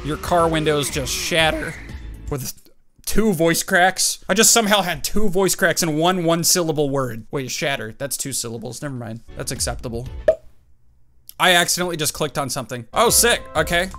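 A man giving let's-play commentary as he plays a game, excitable and talking to the game and himself in jumpy outbursts. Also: a little high, a little fast. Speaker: gaming YouTuber. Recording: game music playing under the voice. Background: game music.

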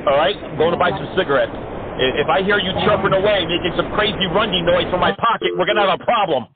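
A man's voice: high voice, fast talker, background noise. A man prank-calling phone scammers in a mocking, taunting way, swearing freely. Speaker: scam baiter. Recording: tinny phone line.

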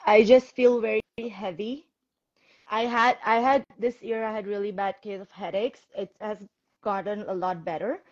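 A woman caller getting a psychic reading, answering softly and briefly on a video call. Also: medium pitch, steady tone, moderate pace, highs cut off. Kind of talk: casual talk on a video call.

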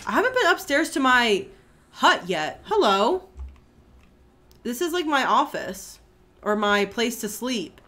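A young woman streaming a game, commenting excitedly, swearing freely and talking to her viewers. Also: medium pitch, measured pace, music in the background. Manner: excitable, profane, talks to the chat. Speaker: gaming streamer. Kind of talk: casual gameplay commentary.

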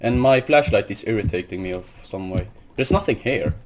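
A man's voice: fairly low pitch, animated, brisk, noisy background. A man hosting a horror game playthrough, jumpy and nervous, repeating greetings and swearing when startled while claiming he is not scared. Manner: keeps insisting he is not scared. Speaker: gaming video host. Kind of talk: horror game let's play commentary.

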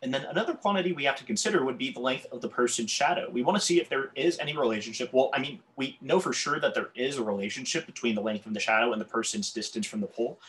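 A man's voice: mid-range voice, fast, hardly any pauses, fairly bright tone. A man teaching a calculus lesson while drawing on a board, often stumbling over words and correcting himself. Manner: tongue-tied, self-correcting, apologetic asides. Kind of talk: whiteboard math lesson.

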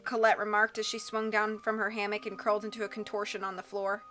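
Bright-voiced woman streamer reading aloud. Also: medium pitch, completely flat delivery, fast talker. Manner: chatty, giggly, casual with viewers. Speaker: audiobook reader and live streamer. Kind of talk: live-stream chat and storybook reading. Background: faint background music.

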